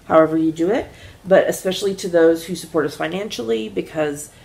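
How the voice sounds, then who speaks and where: A woman co-hosting a podcast in casual chat, relaxed and chatty, filling her pauses with "um". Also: fairly low pitch. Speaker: podcast co-host.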